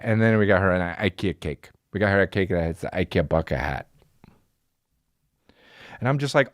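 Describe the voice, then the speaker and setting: A man's voice: fairly low pitch, no echo, studio quality. A man in his thirties hosting a podcast, telling a comic story with lots of swearing, acting out the people in it. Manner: profane, animated, acts out voices. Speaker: podcast host, comedian.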